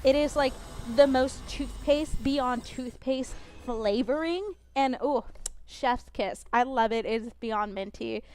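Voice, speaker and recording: A young woman streaming a game, talking fast and expressively, rambling with lots of fillers and restarts. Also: sits high, darkish tone. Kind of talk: casual chat while gaming.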